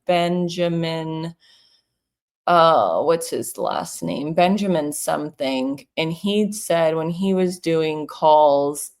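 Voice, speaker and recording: A relaxed woman in her thirties chats on a livestream from her home office, her voice sitting low. She talks easily and acts out short phone calls in little voices as she goes. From South Florida. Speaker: real estate broker hosting a livestream. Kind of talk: casual livestream advice chat.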